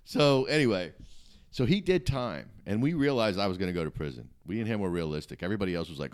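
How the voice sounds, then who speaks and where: A man's voice: low-pitched, lively intonation, quick pace. A middle-aged man, a comedian guest, telling blunt, matter-of-fact stories in casual chat.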